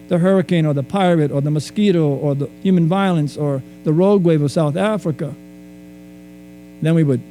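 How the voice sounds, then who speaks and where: Man telling a halting story, mellow voice. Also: on the high side, a little hiss or hum, low-quality recording. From Hawaii. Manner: reflective, halting storytelling with many restarts. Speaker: speaker. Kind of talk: storytelling lecture.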